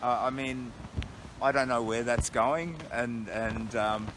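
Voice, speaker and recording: Speaking slowly in a steady, medium-pitched tone, a middle-aged Australian man reflects aloud to livestream viewers from his campsite on a long walk. It is night and stormy, the phone stream picks up a noisy background, and his casual talk is earnest.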